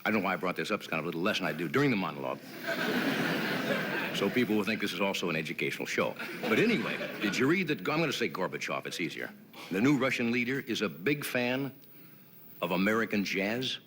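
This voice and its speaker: A man's voice: low-pitched, expressive, fast talker, over a noisy crowd. A man hosting a late-night talk show, delivering a comedy monologue with wry jokes and chatty asides to his sidekick in a TV studio. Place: TV studio with live audience.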